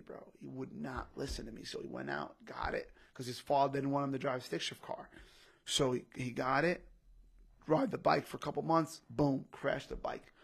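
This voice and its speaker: A man's voice: medium pitch, gravelly, fairly bright tone, husky. A young man telling an emotional personal story in casual podcast chat, often saying "bro" and "literally". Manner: repeats himself, says "bro" and "literally" often. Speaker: podcast guest, comedian.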